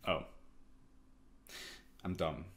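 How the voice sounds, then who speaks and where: A man's voice: deep voice, a little mellow. A man hosting an anime reaction video, chatting casually while he stands, jokey and laughing often.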